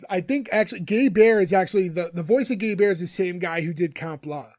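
A man's voice: high voice, fairly quick, darkish tone, dry recording, clean studio sound. A man co-hosting a podcast, casually retelling a TV episode and laughing often. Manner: chatty, laughs often while retelling scenes. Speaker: podcast co-host recapping a TV episode. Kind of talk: casual chat.

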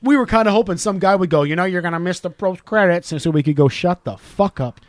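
A man co-hosting a casual podcast, telling stories with lots of swearing and loud acted-out quotes. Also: high-pitched, fast, no room sound, studio quality. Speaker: podcast co-host. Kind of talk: casual profane chat.

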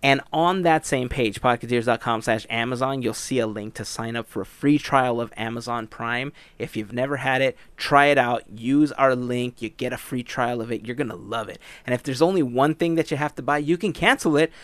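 A man's voice: medium pitch, normal speed, few pauses, a bit bright, smooth, no room sound. A tired man hosting a podcast, doing casual jokey plugs in a rambling way. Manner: jokey and rambling, tired and trying not to yawn. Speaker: podcast host. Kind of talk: casual chat with sponsor reads.

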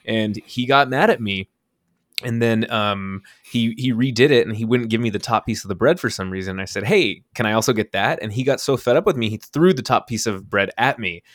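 A young man with a lowish voice tells a story in casual chat over a remote call, cursing freely and jumping into lively impressions of the people in it. The sound is dry and close. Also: brisk, no echo. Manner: animated storyteller, swears freely, acts out quotes. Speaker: podcast co-host.

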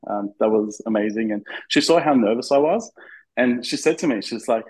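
This Australian man is a fan appearing as a guest on a podcast, and he tells a story eagerly but nervously, full of fillers and restarts. His voice is medium-pitched, darkish and slightly rough, at a moderate pace, and the audio quality is poor.

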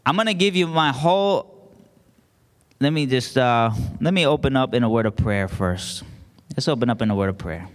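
A man's voice: mid-range voice, animated, normal speed. A male pastor preaching a sermon with call-and-response, building emphasis as he goes. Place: church sanctuary. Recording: long hall reverb.

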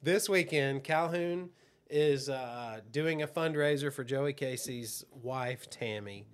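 A man's voice: medium pitch, slow pace, a little hiss or hum. A man co-hosting a casual motocross chat, telling stories with frequent laughs. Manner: joking storyteller, laughs often. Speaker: podcast co-host.

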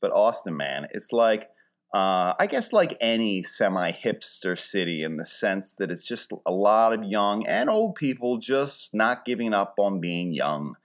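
A man's voice: fairly low pitch, sing-song, a little slow. Wry rambling man from Philly. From Philadelphia. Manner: wry, rambling, dry humor with mock-grand wording. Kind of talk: casual comedic monologue.

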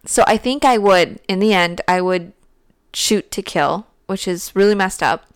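A woman's voice: medium pitch, unhurried, clean tone, no echo, clean studio sound. A young woman co-hosting a casual true-crime podcast, thinking aloud with many fillers. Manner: musing, talks through thoughts with fillers. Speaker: podcast co-host.

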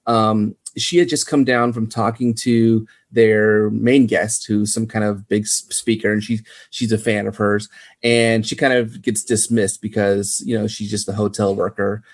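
A man's voice: on the low side, measured pace. Man animatedly retelling a movie scene. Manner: animated, quotes dialogue in retelling. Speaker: podcast co-host. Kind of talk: casual movie review chat.

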